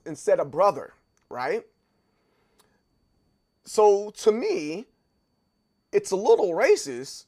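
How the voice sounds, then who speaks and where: Reading through viewer comments, a thirty-something man chats casually on his livestream. His voice sits high, and he frequently pauses to repeat words as he thinks out loud.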